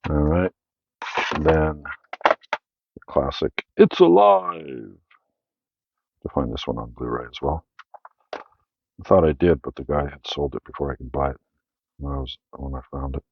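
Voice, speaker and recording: A man's voice: very deep voice, fairly even intonation, brisk, highs cut off, noisy background. A Canadian man hosting his own channel, casually rambling through his film collection with many fillers and self-corrections.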